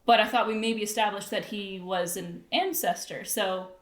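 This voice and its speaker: A woman co-hosting a casual podcast, animated and laughing, with fillers. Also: medium pitch, moderate pace. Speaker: podcast co-host. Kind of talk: casual chat. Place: a house. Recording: roomy echo.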